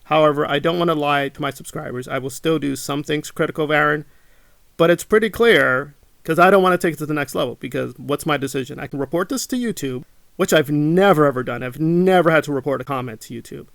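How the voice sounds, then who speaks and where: A man's voice: fairly high pitch, quick pace, creaky, fairly bright tone, no room sound. A man hosting his own channel, talking indignantly to camera, repeating his points and mocking his critics. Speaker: channel host. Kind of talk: monologue to camera.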